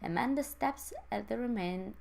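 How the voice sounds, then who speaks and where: A non-native English-speaking woman reading a visual novel aloud as a let's play host, in an expressive way. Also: moderate pace, gravelly, noisy background. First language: not English. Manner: expressive, swings pitch between characters. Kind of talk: reading game text aloud.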